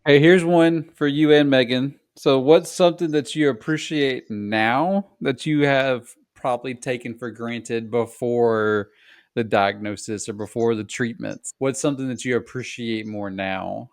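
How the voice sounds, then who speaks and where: Brief: man, podcast host, calm and affirming, medium pitch, dry close recording. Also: a little slow, dry recording. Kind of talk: casual interview questions.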